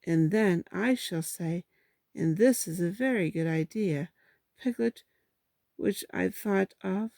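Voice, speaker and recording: A gentle bear of very little brain talks slowly and earnestly, puzzling things through, as a woman reads him aloud. The voice is mellow and a little gravelly. It is recorded close and dry. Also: mid-range voice, no echo. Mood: thoughtful. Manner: slow, thoughtful, earnest. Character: gentle simple-minded male bear. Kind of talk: storybook read-aloud.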